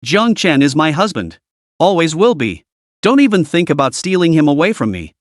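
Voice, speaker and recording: A man's voice: on the high side, big pitch swings, moderate pace, no echo, studio quality. A man voicing a jealous, furious woman who snaps and accuses coldly. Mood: angry, cold. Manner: cold, snapping, accusing.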